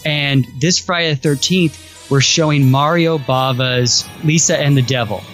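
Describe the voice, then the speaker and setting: A man's voice: a little high, unhurried, fairly bright tone, faint music behind. A man co-hosting a podcast in casual chat, enthusiastic and rambling, often restarting his sentences. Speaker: podcast co-host.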